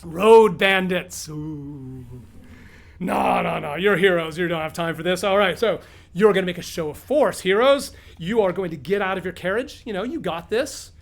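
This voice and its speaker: A man's voice: sits high, brisk. A man with an upbeat, explanatory manner, teaching beginners as game master and narrating the scene to a room of players.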